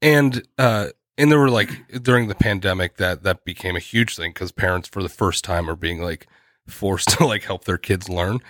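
A low-pitched man co-hosting a podcast in loose, casual chat. He trips over his words, restarts sentences and slips in small laughs as he goes. The close mic sounds dry, with no room around it. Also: fairly bright tone, dry recording. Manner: halting, restarts often, laughs mid-sentence. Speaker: podcast co-host.

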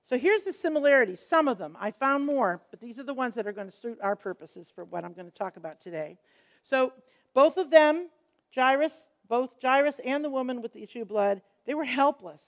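A woman's voice, set a little high, teaches a Bible passage as a lively story. She is middle-aged and acts out the quoted lines as she goes, slowing down to stress key points. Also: dull audio.

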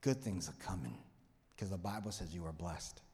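A man's voice: deep voice, moderate pace. Preacher man in a reverberant hall. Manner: conversational, joking, swings from hushed to loud pleading. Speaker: pastor. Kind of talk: sermon.

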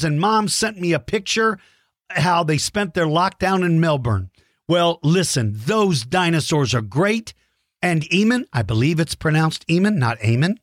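Man, kids' podcast host, enthusiastic, exclamatory, lively pitch, slightly high voice. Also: no room sound, clean studio sound. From Texas. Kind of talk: kids' podcast shout-outs.

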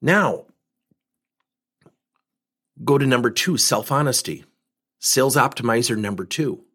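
Speaking at a measured pace, the man has a husky, medium-pitched voice. He coaches on sales through stories, lively acting out both halves of the conversations.

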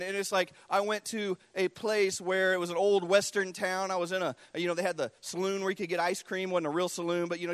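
A middle-aged man preaching a sermon with great passion. He swings between loud, fervent cries and hushed near-whispers. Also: sits high, clean tone, no echo. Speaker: pastor.

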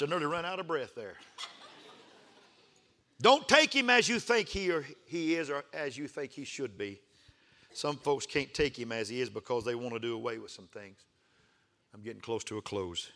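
A man preaching a sermon in a rhythmic, repeating cadence, rising from quiet to fervent calls for the congregation to respond. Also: mid-range voice, expressive, normal speed, long pauses, some chatter behind. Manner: builds from hushed to fervent shouting with call-and-response.

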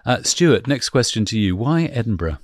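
A man's voice: medium pitch, big pitch swings, moderate pace, no echo, studio quality. A man hosting a podcast, chatty and leading the talk with questions. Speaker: podcast host. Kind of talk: casual podcast chat.

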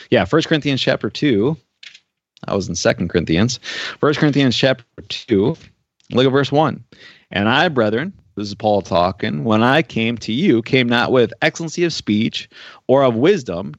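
Male preacher, mid-pitched, conversational sermon delivery, dry close recording. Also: no room sound. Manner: conversational storytelling with frequent "uh" fillers. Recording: dry, dull-sounding recording.

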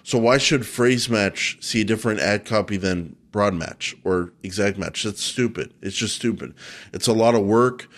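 A man's voice: on the low side, moderate pace. Blunt, emphatic man from Oklahoma. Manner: blunt, emphatic, playfully mocking. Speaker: co-host and expert. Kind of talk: casual chat, blunt opinion.

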